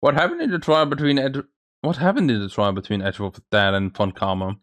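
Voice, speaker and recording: A man's voice: mid-range voice, brisk, a bit bright. A man hosting a let's play, reading the game's dialogue aloud with small slips and restarts, over faint game music.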